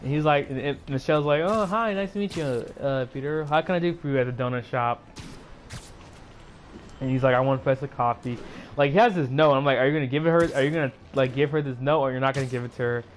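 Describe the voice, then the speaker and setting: A man's voice: medium pitch, fairly even intonation, quick pace, a little hiss or hum. A man casually recapping a movie for his channel, rambling with many fillers, sleepy and yawning, with a sore throat. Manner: rambling, filler-heavy retelling. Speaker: YouTuber.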